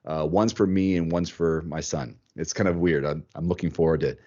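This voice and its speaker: Podcast host, male, low voice, animated and chatty, dull lo-fi sound. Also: moderate pace. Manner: animated, thinks aloud, repeats words. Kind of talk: casual chat.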